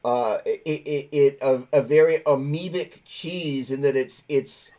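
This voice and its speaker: A man's voice: mid-range voice, fairly even intonation, a little slow, warm tone. Rambling man hosting a gear chat. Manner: rambling, self-correcting storyteller. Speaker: host. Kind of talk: casual chat.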